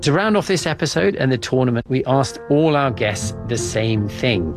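Over music, a man with a mid-range, sing-song voice hosts a news podcast at a moderate pace. He introduces a guest and asks questions, with some hesitant fillers along the way.

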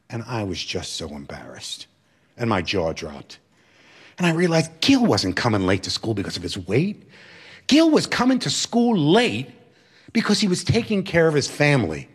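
Animated man telling a story. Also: mid-range voice, moderate pace, husky. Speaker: former teacher and religious brother. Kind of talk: personal storytelling talk.

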